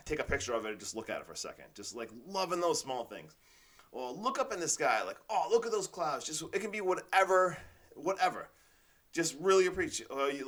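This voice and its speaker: An enthusiastic male podcast host with a slightly high, fairly bright voice gives a casual motivational monologue. He rambles, uses plenty of fillers, and says "like" and "literally" a lot.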